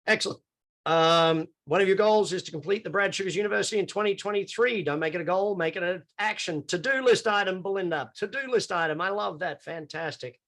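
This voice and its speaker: Brisk and a bit bright, with a high pitch, a middle-aged Australian man coaches live online in a chatty, spontaneous way. As a business coach, he answers questions put to him over a video call.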